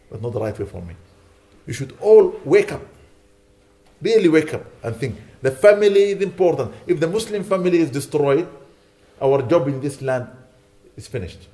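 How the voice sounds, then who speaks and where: A man giving a mosque lecture as a sheikh, preaching with fervent emphasis that softens into quiet prayer. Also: fairly high pitch.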